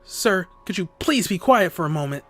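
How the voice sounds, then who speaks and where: An earnest male deputy with tears in his eyes, pleading in a hushed, insistent voice, read aloud by a man. His pitch swoops up and down as he presses his point. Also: lively intonation, moderate pace, soft background music. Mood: urgent pleading.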